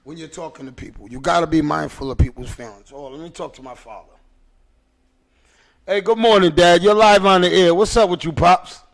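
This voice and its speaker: A man's voice: fairly high pitch, a little fast, vocal fry. A man hosting a casual podcast who rambles emphatically and swears freely. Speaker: podcast host. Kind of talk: casual chat.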